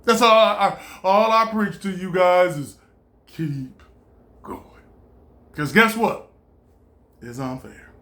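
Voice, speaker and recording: A man giving an animated, preachy motivational monologue, laughing often and swearing freely. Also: sits high, takes it slowly, long pauses. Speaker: vlogger.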